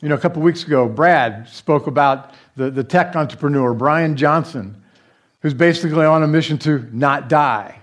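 A man's voice: fairly high pitch, normal speed. A man who is a pastor, giving a conversational sermon with fillers, restarts and light joking asides.

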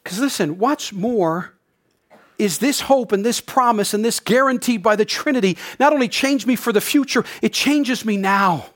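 Middle-aged male pastor from Canada, high-pitched, earnest sermon delivery with wry asides. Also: normal speed, a bit bright.

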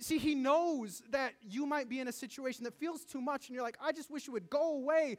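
A man preaching a sermon as pastor, animated, with jokes and asides to the congregation in a church. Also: extremely high pitch.

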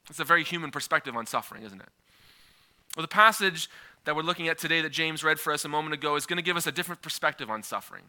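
A man in his thirties delivers a sermon in a lively, conversational manner, weaving in personal stories. His voice sits a bit high and has a very bright, sharp edge. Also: fast. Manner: conversational, animated, with frequent filler and restarts. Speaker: preacher.

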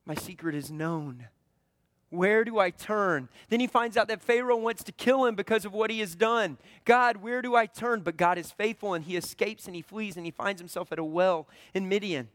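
A man's voice: sits high, normal speed, a bit bright, dry recording. A man preaching a sermon, retelling a scripture story with drama and voicing its characters.

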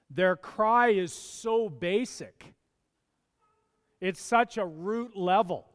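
High-voiced pastor preaching slowly in a hall. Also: male voice, clean tone. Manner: earnest, rising to emphatic questions. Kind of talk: sermon. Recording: long hall reverb.

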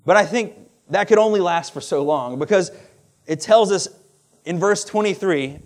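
Man, high voice, sermon, conversational, animated, asides and laughs. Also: moderate pace. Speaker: pastor.

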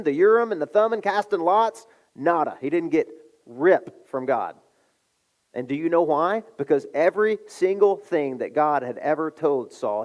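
Animated preaching man, slightly high voice. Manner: animated storytelling, acts out voices in retelling. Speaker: pastor. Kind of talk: sermon.

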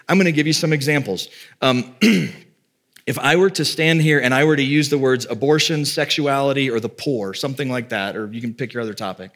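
A man preaching a sermon as pastor, talking plainly to his congregation and dropping quick, joking asides. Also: mid-range voice, fairly bright tone.

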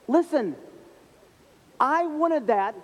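A man acting out a gruff, pushy woman from a bakery line, blunt and demanding, in a high voice. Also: lively intonation, very slow, big-room sound, full character voice.

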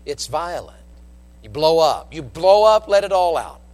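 High-voiced folksy preacher in a church hall. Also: male voice, a little slow. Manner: animated storytelling preacher, down-home and folksy. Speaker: pastor. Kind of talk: sermon. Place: church sanctuary with long reverb. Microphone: pulpit microphone.

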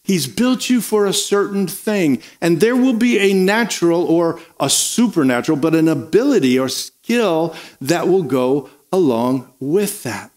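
A man's voice: fairly high pitch, lively intonation, a little slow, hardly any pauses, a little mellow. A middle-aged male pastor preaching a sermon, emphatic, repeating phrases and calling out to the congregation.

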